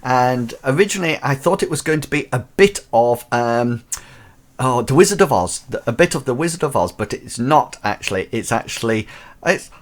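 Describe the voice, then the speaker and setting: A man's voice: mid-range voice, expressive, normal speed. A man hosting a casual live show, chatting enthusiastically with many fillers and restarts. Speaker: host of a teacher-training live show.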